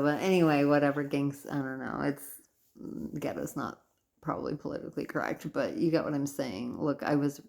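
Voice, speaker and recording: A woman's voice: very deep voice, fairly quick, creaky, darkish tone. A tired woman vlogging in a casual, rambling way, full of fillers and self-corrections. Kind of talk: casual diary vlog.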